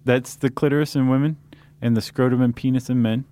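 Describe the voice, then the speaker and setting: A man's voice: mid-range voice, steady tone, fairly quick, warm tone, clean tone. A man co-hosting a podcast in casual chat, joking and rambling with lots of fillers and restarts. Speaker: podcast co-host.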